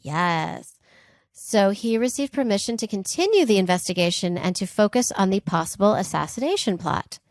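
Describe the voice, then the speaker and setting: A woman's voice: mid-range voice, moderate pace, no room sound, studio quality. A woman co-hosting a podcast, retelling a history story in casual, chatty talk with frequent "like" and "um" asides. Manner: chatty and animated, laughs often, asides with "like" and "um". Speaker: podcast co-host.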